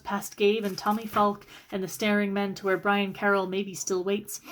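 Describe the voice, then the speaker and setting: A woman reading a first-person novel aloud for a library book club. Her narration is steady and even-paced. Her voice sits in a middle register, with nothing unusual about its tone. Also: medium pitch. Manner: steady first-person narration, rising sharply in quoted arguments.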